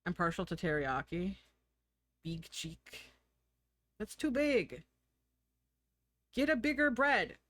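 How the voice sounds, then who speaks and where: American woman streamer, chatty and giggly, animated voice, dry close sound. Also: mid-range voice, takes it slowly, pauses often, no room sound. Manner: chatty, giggly, thinks aloud. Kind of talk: casual live-stream chat.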